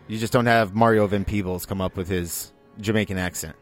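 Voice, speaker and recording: A man's voice: fairly low pitch, steady tone, fairly quick, soft background music. A man co-hosting a podcast, casually explaining film trivia with a knowing tone and dry laughs. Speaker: podcast co-host.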